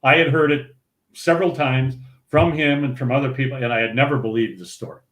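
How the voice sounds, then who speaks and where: He's an older man from St. Paul, Minnesota, and a former pro bowler, speaking a little fast at medium pitch while guesting on a podcast. His storytelling is animated and laughing, with lots of restarts, and the audio has a roomy echo.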